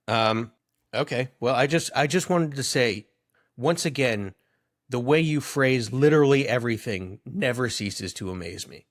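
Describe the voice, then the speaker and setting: A young man co-hosts a podcast, trading casual comedic chat, teasing his friend and wandering off into jokey asides. His voice is mid-range, with lively intonation and a moderate pace.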